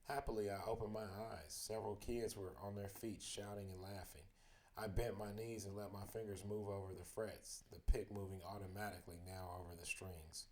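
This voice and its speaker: A man's voice: lowish voice, little pitch movement, normal speed, a little mellow, slight background noise. Man reading a bedtime story. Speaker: storybook reader.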